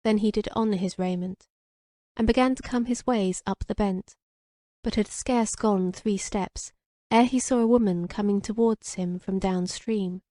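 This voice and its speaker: A woman narrates an old romance audiobook at an even, measured pace. Her voice is mellow and warm, with a dry, close sound. The reading stays steady and unhurried. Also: medium pitch, no echo.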